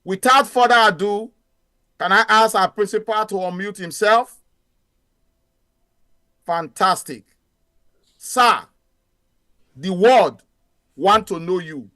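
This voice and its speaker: Bright high man, dry sound. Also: slow, long pauses, dry recording. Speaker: co-host. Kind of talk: online meeting moderation. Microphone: video call.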